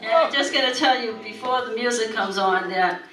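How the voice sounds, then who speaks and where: A woman's voice: a little high, fairly quick, heavy background noise. An older woman on a coffeehouse stage briefly and chattily introducing her song. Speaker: performer. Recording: roomy hall, distant mic, music.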